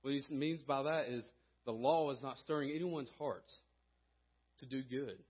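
A man preaching a sermon in a church, earnest, growing louder as he exhorts. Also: medium pitch, unhurried, breathy edge, dull audio. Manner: earnest, rising in volume when reading and exhorting. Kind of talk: sermon with scripture reading and prayer. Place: church sanctuary.

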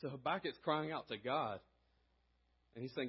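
A man preaching a sermon in a church, earnest, growing louder as he exhorts. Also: medium pitch, normal speed, long pauses, husky, muffled recording. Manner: earnest, rising in volume when reading and exhorting. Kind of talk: sermon with scripture reading and prayer. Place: church sanctuary.

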